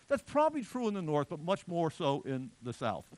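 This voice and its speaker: A man's voice: on the high side, huge pitch swings, brisk, darkish tone, no room sound. A middle-aged man giving a public lecture in a chatty, digressive way with joking asides.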